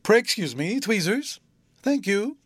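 A man voicing a prim, proper middle-aged schoolmistress who speaks in a brisk, genteel, fussy way. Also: high voice, very animated, a bit bright, breathy edge, dry recording, pitched above the performer's own voice, full character voice.

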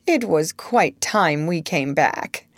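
A woman's voice: low-pitched, animated, slow pace, no echo, heavily acted. A woman reading aloud voices an earnest, motherly young girl in a storybook.

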